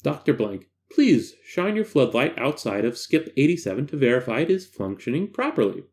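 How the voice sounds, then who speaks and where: A man voicing a calm, detached male doctor who gives formal, flat instructions. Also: medium pitch, moderate pace. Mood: clinical.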